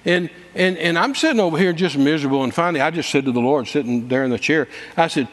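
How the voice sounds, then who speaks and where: Male preacher, high voice, folksy dramatic storyteller, reverberant hall. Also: quick pace, hardly any pauses. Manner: folksy, dramatic, shouts quoted lines, repeats words. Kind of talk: storytelling sermon.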